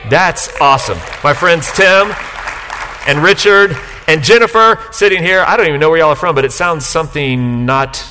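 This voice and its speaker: A man pastor delivers a sermon with a bright, forceful voice that sits a little high. He jokes with the crowd and jumps from loud, excited lines to quiet asides. His words ring out with a long reverb from the church hall. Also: moderate pace, a little hiss or hum. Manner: lively, joking, swings from loud to soft. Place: church sanctuary, live congregation.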